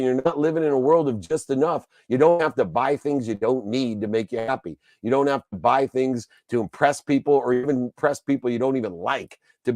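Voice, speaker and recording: A male motivational speaker delivering an emphatic, preachy talk built on rhythmic repeated lists. His voice is mellow and warm, and the sound is dry and close. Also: medium pitch, no echo. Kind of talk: motivational speech.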